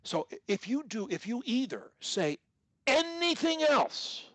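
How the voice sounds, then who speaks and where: A man's voice: high voice, sing-song, normal speed, husky, no room sound. A man coaching a student one-on-one over a video call, emphatic and fond of repeating his key points. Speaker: speech coach.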